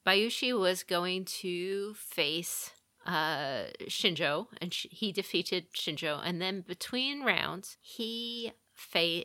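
A woman co-hosting a podcast, retelling a legend in an unhurried, casual way with small restarts. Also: lowish voice, sharp tone, no echo, clean studio sound. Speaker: podcast co-host. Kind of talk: casual chat, storytelling.

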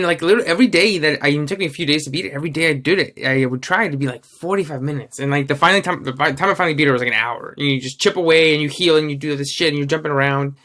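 A man's voice: medium pitch, bright, forceful tone. A man co-hosting a podcast in casual chat, rambling with many fillers and restarts, and swearing freely. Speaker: podcast co-host.

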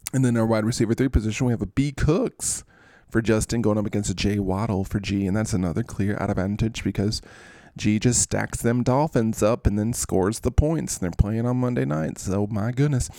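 A man hosts a podcast in a loose, goofy commentary style, wandering into playful asides. His voice is mellow and dark, with a gravelly creak. The sound is dry and close. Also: lowish voice, no room sound. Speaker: podcast host. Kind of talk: casual fantasy sports commentary.

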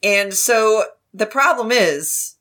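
A woman co-hosting a casual book discussion, animated and swearing freely. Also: mid-range voice, slow. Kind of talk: casual book-club chat.

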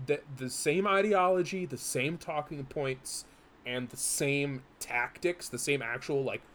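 A man's voice: a little high, unhurried, a bit bright. Man, podcast co-host, casual chat, rambling explanations, lots of restarts. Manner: explains at length with many restarts and fillers.

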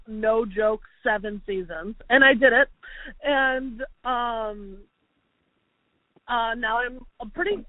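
A woman chatting casually and animatedly, full of "like" and quick asides. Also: a little high, no room sound. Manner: chatty, animated, lots of filler "like". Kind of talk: casual chat. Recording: tinny phone-like dry sound.

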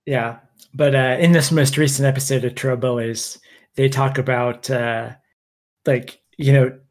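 American man, no accent, halting and restarting, mid-pitched, casual podcast talk. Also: steady tone, darkish tone. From United States. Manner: hesitant, many fillers and restarts. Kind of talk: casual political chat.

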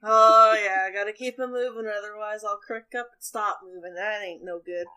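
A woman voicing a boisterous, gruff older man at a tavern who talks loudly and bluntly in a folksy drawl. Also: high voice, steady tone, normal speed. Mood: jolly. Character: boisterous old male tavern-goer, gruff and rowdy.

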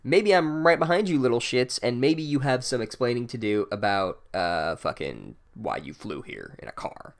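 A man's voice: medium pitch, big pitch swings, moderate pace, vocal fry, few pauses. A man doing a sneering spiteful schoolteacher. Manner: sneering, crude.

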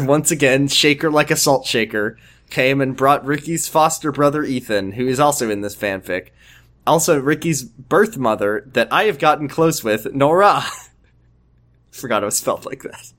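A man's voice: mid-range voice, moderate pace, fairly bright tone. A man co-hosting a comedy podcast, reading fanfiction aloud and breaking off for joking side comments. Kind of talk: comedic dramatic reading with banter.

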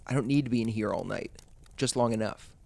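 A man reading the part of an eight-year-old boy, hushed and tense. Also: mid-range voice, brisk, creaky, lightly acted.

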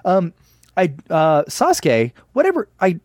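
A man with a slightly raised voice chats loosely on a podcast, joking as he retells scenes. His sound is dry and close, with no room around it. He slips into quick acted-out quotes. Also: sits high, huge pitch swings, darkish tone, dry recording. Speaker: podcast co-host. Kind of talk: casual chat.

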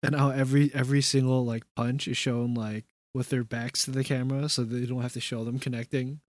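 A man's voice: medium pitch, flat delivery, fairly quick, no room sound, clean studio sound. A young man co-hosting a podcast in casual chat, chatty and laughing often, acting out quotes. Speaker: podcast co-host.

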